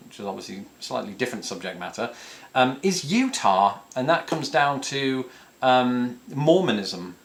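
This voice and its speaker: A man from the north of England, hosting a casual question-and-answer video from home, rambling and self-deprecating with many fillers and restarts. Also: medium pitch. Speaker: YouTube host answering viewer questions. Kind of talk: casual chat. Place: home, with a cat nearby.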